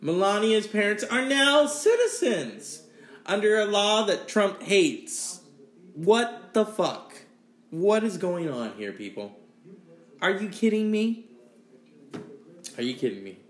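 A man's voice: sits high, very animated, measured pace, roomy sound. A man hosting a casual solo podcast, rambling and swearing freely between sighs, with a sore throat. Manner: rambling, profane, sighing between sips. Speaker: podcast host.

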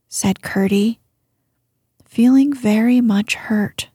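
A woman narrating a storybook chapter aloud in a soft, breathy voice. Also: mid-range voice, slow pace, no room sound, clean studio sound. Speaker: audiobook narrator.

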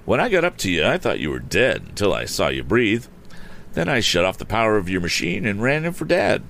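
A man voicing an eager, excited teenage boy who talks in a hurried, urgent way in a storybook reading. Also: fairly low pitch, gravelly, a little hiss or hum, pitched above the performer's own voice, exaggerated voice.

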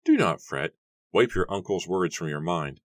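A man voicing a good-natured young husband who talks calmly and reassuringly. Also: low voice, normal speed, no echo. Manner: calm, reassuring, lightly teasing.

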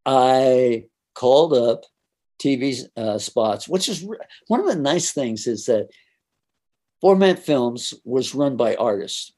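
Older man telling a lively anecdote. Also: mid-range voice, slow. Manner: animated anecdote-telling, acts out voices and laughs often. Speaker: interviewee recalling his career. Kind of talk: casual storytelling.

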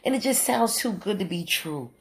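A woman's voice: mid-range voice, expressive, normal speed. A middle-aged woman hosting a solo podcast, talking candidly and casually and swearing freely. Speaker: podcast host.

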